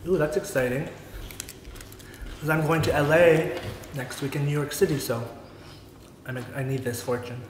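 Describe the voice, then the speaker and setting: A chatty young man hosts a relaxed vlog, leaning on "like" and "you know" as he talks. His voice sits in a roomy space with a long reverb tail and a faint hiss of background noise. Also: fairly high pitch, moderate pace, long pauses. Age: young adult. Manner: chatty, filler-heavy with lots of "like". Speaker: host, influencer. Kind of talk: casual chat, mukbang vlog.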